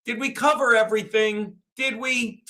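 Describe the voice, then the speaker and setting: A man's voice: very high voice, steady tone, moderate pace, pushed and bright. A man hosting a livestream, ranting crudely and rambling, laughing often as he reads chat. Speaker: livestream host. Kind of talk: profane livestream rant and chat.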